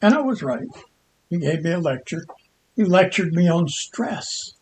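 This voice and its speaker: An older man, a lawyer, telling a personal story in a halting monologue with frequent restarts and pauses. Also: fairly high pitch, sing-song, darkish tone, slight background noise. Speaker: Christian commentator and lawyer.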